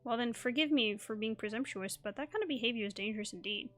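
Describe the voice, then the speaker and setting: A woman's voice: on the high side, quick pace, natural voice. A woman reading a polite, formal male scholar's lines aloud from a game. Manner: formal, courteous phrasing.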